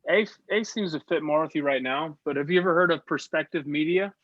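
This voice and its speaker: A man running an online class who talks in quick, encouraging bursts and keeps offering to connect people. His voice sits a little high and sounds dry and close. The video call line is muffled and lo-fi. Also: no room sound. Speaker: class leader.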